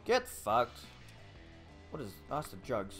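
A man playing a video game and commenting as he goes, swearing constantly and breaking into loud outbursts. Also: medium pitch, wildly swooping pitch, a little slow, over music. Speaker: gaming video creator.

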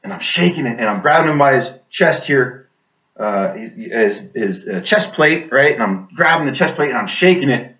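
Veteran man recounting combat, bright forceful voice, vivid and intense, dull lo-fi sound. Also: mid-range voice, lively intonation, normal speed. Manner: vivid, intense, with many restarts. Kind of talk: casual spoken storytelling.

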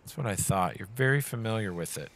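A man's voice: on the low side, expressive, fast. A man running a tabletop game as game master, giving vivid descriptive narration and calling for dice rolls.

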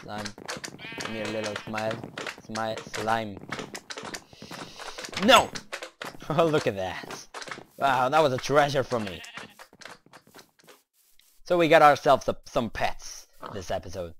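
A young man doing let's play commentary, excitable, talking to the creatures in his game and cursing now and then. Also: lowish voice, slow pace, pauses often, slight background noise. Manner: excitable, talks to the game's creatures, curses.

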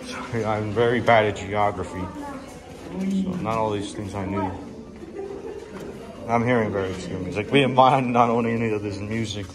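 A man giving excitable, rambling running commentary as he walks through a dim indoor attraction, filming on a handheld phone. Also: lowish voice, moderate pace. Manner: excitable, rambling, self-correcting. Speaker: vlogger touring an attraction.

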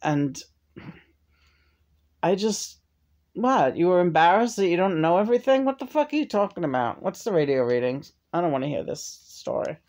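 A woman's voice: fairly low pitch, sing-song, moderate pace, darkish tone. A woman channeling the spirit of a dead man who rambles, hesitates and makes crude jokes. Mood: rambling.

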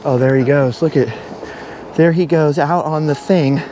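A middle-aged man vlogging outdoors from a high forest walkway, nervous and breathless, laughing at himself and repeating his worries. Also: fairly even intonation, normal speed, warm tone, slight background noise. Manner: jittery and self-mocking, laughs often, repeats himself. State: breathless from nerves. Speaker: travel vlogger. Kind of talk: nervous chatter to camera while walking a treetop trail.

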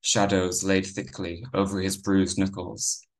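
A man reading his own novel aloud in a measured first-person narration. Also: low voice, monotone, slight background noise.

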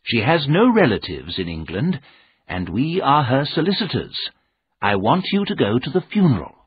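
A man doing a brisk older boss. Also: medium pitch, very animated, husky, pitched above the performer's own voice. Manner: brisk, commanding. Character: brisk older male senior solicitor, a busy boss. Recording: narrow tinny sound.

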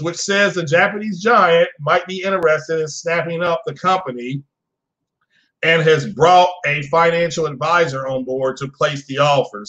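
A man with a somewhat high voice hosts a live gaming podcast. He rambles in a relaxed, chatty way. He addresses viewers in the chat as he goes. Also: lo-fi sound. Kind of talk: casual live-stream chat.

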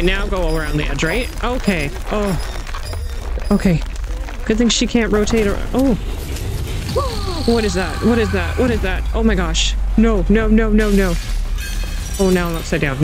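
A woman giving an excitable, panicky let's-play commentary, laughing and gasping as she plays. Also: mid-range voice, normal speed, pauses often. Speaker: gaming channel host. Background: game music.

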